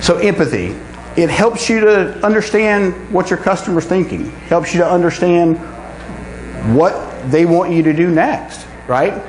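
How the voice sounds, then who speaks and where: A man giving a live talk to a conference audience, animated and often checking in with "right?". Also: sits high, unhurried. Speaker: conference speaker. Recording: echoey room with faint hum.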